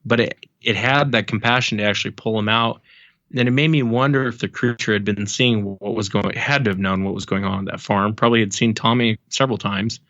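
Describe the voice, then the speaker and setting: A man's voice: on the low side, steady tone, a little fast, a bit bright, dry recording, highs cut off. A man as a podcast guest, telling stories in a rambling casual way with many ums and restarts. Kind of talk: casual storytelling.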